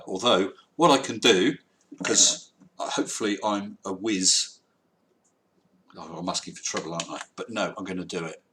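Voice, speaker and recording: A man's voice: low-pitched, pushed and bright. A man hosting a live stream, chatting casually and wryly reading out viewer comments. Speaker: livestream host.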